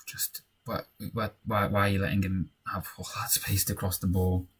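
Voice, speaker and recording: Commentating on a football management game he's playing, a young man keeps it casual, yelling at goals and mumbling when things get tight. He has a deep voice with little pitch movement, a normal speed, and a slightly rough texture.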